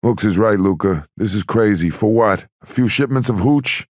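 A man's voice: lowish voice, moderate pace, no room sound, studio quality, pitched above the performer's own voice, lightly acted. A man voicing an anxious, pleading gangster in an audiobook.

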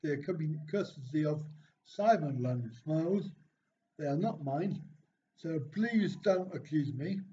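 A man's voice: a little high, lively intonation, a little slow, dark tone. A man hosting a casual live stream, reading viewers' jokes from the chat aloud and answering them with dry, self-mocking remarks. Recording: dull, slightly lo-fi stream audio with faint noise.

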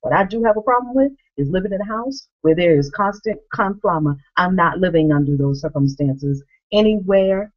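A woman in her thirties, a vlogger, telling a family story to camera and acting out the people in it with lively swings in her voice. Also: on the low side, moderate pace, few pauses, highs cut off. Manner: animated, acts out quoted voices.

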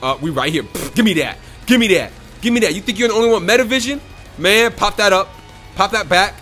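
Guy trash talking his soccer game, voice jumping all over, music playing low. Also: animated, fast talker. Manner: hyped, trash-talking, repeats phrases. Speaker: gaming YouTuber. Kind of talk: live gameplay commentary.

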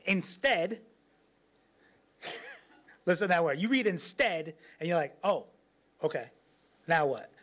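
A man preaching a sermon as pastor, telling stories with lots of laughter and acting out the voices of people in them. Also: on the high side. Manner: animated storytelling, laughs often, acts out quotes.

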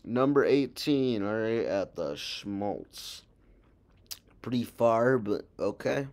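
A man's voice: fairly low pitch, expressive, slow pace, darkish tone. Rambling young man who keeps saying bro. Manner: rambling, joking, calls people bro. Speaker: reaction streamer. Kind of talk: casual chat.

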